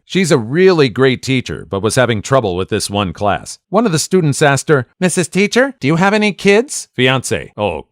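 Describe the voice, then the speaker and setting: A man narrating a series of reader-submitted stories aloud, animated and quick to switch voices for quoted lines. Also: no room sound, studio quality. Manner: animated, jumps between high and low for quoted lines. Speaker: story narrator. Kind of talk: reading internet stories aloud.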